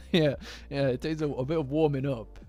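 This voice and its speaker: A young English streamer in a loose, jokey chat with viewers, laughing often and swearing freely. His voice sits at an ordinary middle pitch. Soft lo-fi music plays quietly underneath. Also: fairly even intonation, moderate pace. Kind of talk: casual live-chat commentary. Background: faint lo-fi music.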